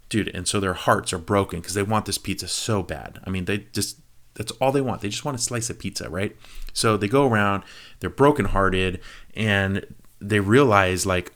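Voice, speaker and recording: Low-voiced male vlogger recapping a film plot, animated and chatty. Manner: animated storytelling, quick asides to the viewer, acts out quoted lines. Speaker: movie review vlogger. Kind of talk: casual retelling of a film plot.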